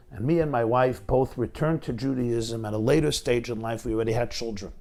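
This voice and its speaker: A man's voice: medium pitch, gravelly, a little mellow. A middle-aged man, a rabbi, giving an emotional sermon, retelling a painful story with dramatic rises in intensity. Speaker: rabbi lecturer.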